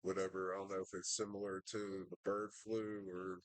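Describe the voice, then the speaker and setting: Low-voiced co-host man with dry quips. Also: little pitch movement, a little fast, dry recording. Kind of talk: casual bar chat. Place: pub.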